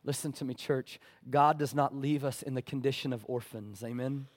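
A man preaching a sermon as pastor, swinging from loud pleading passages to hushed ones and calling for amens from the congregation. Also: mid-range voice, fairly even intonation, normal speed. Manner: calls for "amen" from the congregation.

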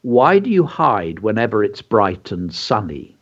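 A man's voice: on the low side, big pitch swings, a little slow, breathy edge. A man co-hosting a children's show, speaking in an enthusiastic, teacherly way and stressing words carefully. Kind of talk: educational chat for children. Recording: dull lo-fi sound.

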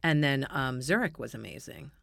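A man's voice: animated, normal speed, vocal fry, a bit bright, no echo, studio quality. A man co-hosting a podcast, chatting casually and telling stories with big dramatic quoted outbursts, still with a slight cough. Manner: dramatic storytelling, breaks into high exclaimed quotes. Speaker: podcast co-host, drag performer. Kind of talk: casual chat.

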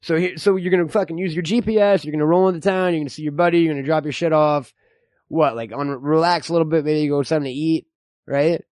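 A man hosting a radio comedy bit, crude and joking, talking fast with restarts. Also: on the high side, darkish tone, no echo, studio quality. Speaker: radio host. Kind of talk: improv comedy chat.

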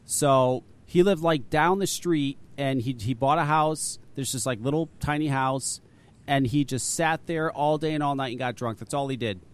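A man's voice: mid-range voice, moderate pace, clean tone. A man hosting a casual talk radio show, telling stories with lots of swearing and laughter. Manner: animated storyteller, swears a lot, laughs often. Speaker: host.

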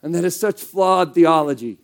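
This sermon comes from a pastor whose male voice sits on the high side. He talks at a moderate pace, emphatic and conversational, tossing out one rhetorical question after another.

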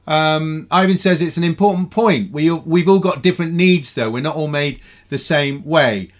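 Male radio host with a Bristol accent, slightly high pitch, relaxed and chatty, reads listener messages. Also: moderate pace. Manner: relaxed, thinks aloud with many ums. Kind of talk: casual radio talk, reading listener messages.

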